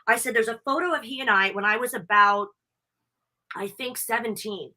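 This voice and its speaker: An American woman guesting on a wrestling podcast, gushing through stories in an excited, chatty way over a video call. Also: fairly high pitch, normal speed. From United States. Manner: bubbly, gushing storyteller. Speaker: wrestling interviewer and convention host. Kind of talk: excited casual interview chat.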